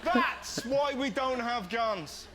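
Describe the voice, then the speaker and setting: Sarcastic English comedian, noisy TV clip. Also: male voice, very high-pitched, lively intonation, slow pace. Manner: sarcastic, punchy, shouts the punchlines. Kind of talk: stand-up comedy. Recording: TV clip with loud background noise.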